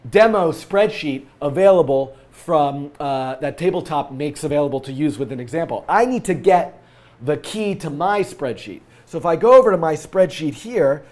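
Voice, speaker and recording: A man's voice: a little high, animated, normal speed, darkish tone. A man with a scratchy voice from a cold, hosting a live-coding tutorial and thinking aloud with frequent fillers.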